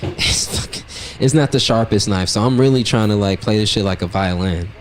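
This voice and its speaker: A low-voiced man hosts a casual talk show and tells a raw personal story, blunt and swearing freely. His delivery is loose and rambling, full of "like" and "right?", with a faint ambient hum behind him. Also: a little fast. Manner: blunt, profane, brutally honest. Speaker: podcast host.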